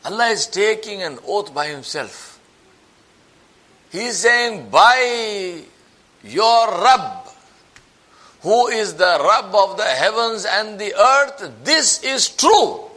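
A man preaching a sermon as a story, acting out the people in it with lively shifts of voice. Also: takes it slowly. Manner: animated, acts out quoted voices with rising pitch.

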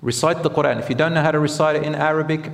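A man's voice: fairly high pitch, steady tone, racing, vocal fry. A man preaching a sermon in a conversational, storytelling way, mixing Arabic phrases into his talk. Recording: echoey hall reverb.

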